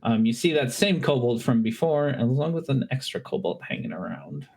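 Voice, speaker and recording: A man running a tabletop game as game master, talking haltingly with many fillers over an online call. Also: medium pitch, big pitch swings, darkish tone.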